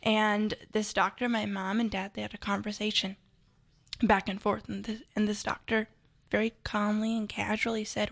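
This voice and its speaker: A woman's voice: mid-range voice, little pitch movement, moderate pace, vocal fry. A woman guest in an interview, telling her own story earnestly with frequent fillers and restarts. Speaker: interview guest, pro-life advocate.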